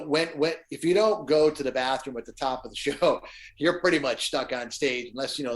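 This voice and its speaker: A middle-aged man, a guest musician, telling stage anecdotes in a casual chat and acting out the quotes. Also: mid-range voice. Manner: animated anecdote teller, acts out quotes.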